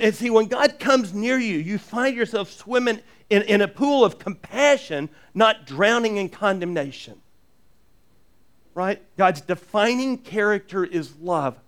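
With a high-pitched voice, a man preaches as pastor, earnest and lively. He sprinkles in jokes and keeps repeating and restarting his lines.

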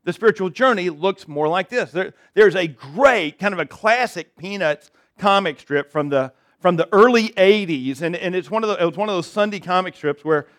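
In a high voice with a fairly bright tone, a man preaches to a church congregation during a service. The pastor keeps it conversational and self-deprecating, frequently asking "right?".

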